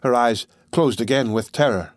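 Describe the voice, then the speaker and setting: A man reads a classic novel aloud in a measured, even way. His voice sits at a middle pitch. The recording is close and dry, with no room around it. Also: dry recording. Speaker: audiobook reader. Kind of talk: scripted narration of a classic novel.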